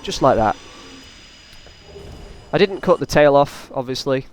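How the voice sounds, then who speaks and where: A man's voice: medium pitch, animated, measured pace, a little hiss or hum. A man doing casual, rambling let's play commentary, often taunting the enemies on screen. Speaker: gaming channel host.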